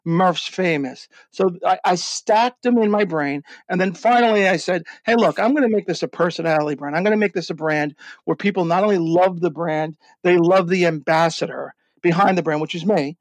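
A man talking as a guest in an interview, telling his story with excitement and many stumbles and restarts. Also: high-pitched, a little fast, no room sound. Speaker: guest, drink brand founder. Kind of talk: animated storytelling in a podcast interview.

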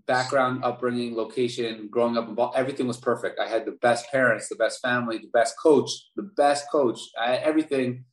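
A man in his forties from Baltimore, telling stories from his youth as a podcast guest, lively and prone to repeating words. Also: mid-range voice, a little fast, hardly any pauses. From Baltimore, USA. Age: 40s. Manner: animated storyteller, repeats words. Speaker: podcast guest, former basketball player. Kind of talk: interview storytelling. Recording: roomy echo.

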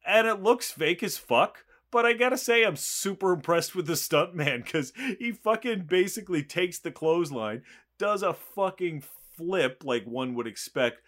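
Bright-voiced swearing man. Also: high-pitched, animated, moderate pace. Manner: swears constantly, mocking and sarcastic. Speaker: podcast co-host. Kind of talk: casual chat.

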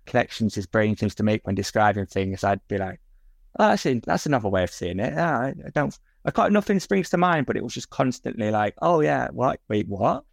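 A man's voice: lowish voice, very animated, brisk, gravelly, dry recording. A man co-hosting a casual sports podcast with a dry, joking manner. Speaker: podcast co-host. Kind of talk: casual chat.

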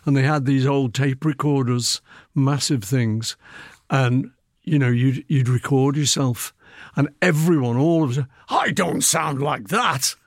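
A man's voice: mid-range voice, fairly even intonation, measured pace, darkish tone, dry recording, studio quality. An older man with a Liverpool accent, chatting as an interview guest about his book, telling anecdotes and slipping into playful voices. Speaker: guest author. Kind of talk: relaxed interview chat.

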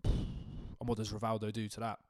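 A man's voice: lowish voice, monotone, moderate pace, darkish tone, no room sound, studio quality. A man co-hosting a casual football podcast, bantering, laughing often and swearing freely. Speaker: podcast co-host.

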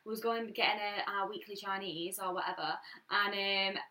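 A woman's voice: medium pitch, fairly even intonation, normal speed, pushed and bright, recorded from a distance. A woman in her twenties co-hosting a casual podcast, rambling, cutting in and swearing casually. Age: 20s. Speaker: podcast co-host. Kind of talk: casual chat.

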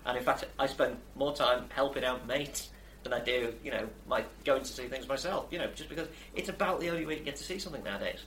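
A man chatting quickly in a bright, forward voice and often stumbling over his openings. The room sounds roomy, with a faint hiss. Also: mid-range voice. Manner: quick, stammering restarts. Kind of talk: casual chat.

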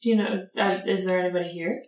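A woman's voice: on the low side, fairly even intonation, quick pace, a little mellow. A woman playing a tabletop game, casual, giggly and a bit hesitant. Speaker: player. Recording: echoey room, far from mic.

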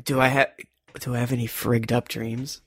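A man playing a character in a tabletop role-play, animated and jokey, recorded close to the mic. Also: mid-range voice, normal speed, husky. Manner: animated, jokey, breaks into laughter. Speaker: player.

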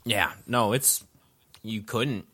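A young man in casual chat, excitable and profane, swinging between loud bursts and mumbling. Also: fairly low pitch, slow, breathy edge. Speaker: podcast co-host.

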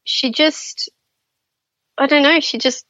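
A chatty woman with a somewhat high voice tells her stories in a relaxed interview, full of fillers and restarts. The sound is dry and a little dull, like a lo-fi remote recording. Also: slow, no room sound. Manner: chatty, many fillers and restarts, laughs often. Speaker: guest. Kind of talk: casual interview storytelling.

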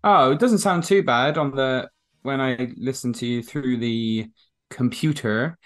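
A man's voice: medium pitch, a little slow. A man co-hosting a podcast, playfully teasing and laughing at his own jokes. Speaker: podcast co-host. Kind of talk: casual chat.

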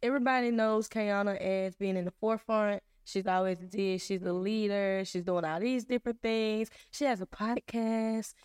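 A woman's voice: mid-range voice, normal speed, few pauses, clean tone, dry recording, studio quality. A young woman hosting a casual faith podcast, telling personal stories candidly and acting out both sides of conversations. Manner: candid, animated storytelling with acted-out dialogue. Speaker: podcast host.

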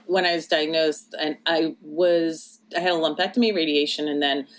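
A woman in her thirties with a lowish voice tells personal stories in a relaxed podcast chat. She is candid and wry, dropping dry jokes into serious moments. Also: moderate pace. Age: 30s. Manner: candid, wry storytelling with laughs. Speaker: guest. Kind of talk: casual podcast conversation.

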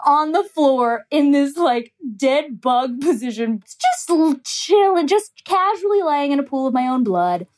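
A woman's voice: high voice, animated, unhurried, few pauses. A young woman hosting a podcast, telling a personal story in casual chat, candid and profane, laughing often.

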